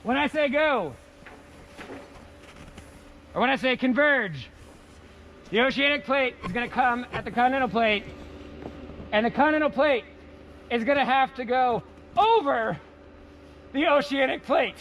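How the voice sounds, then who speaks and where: Brief: very high-pitched man teaching a lively outdoor lesson, faint traffic behind. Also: unhurried, pauses often, highs cut off. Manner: playful, energetic, repeats key words. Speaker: science teacher. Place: outdoors in snow.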